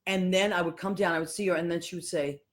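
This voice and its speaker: Animated woman in her fifties. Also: on the low side, fast. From Boston, USA. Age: 50s. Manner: animated, acts out voices of people in her stories. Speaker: podcast host. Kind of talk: casual storytelling monologue.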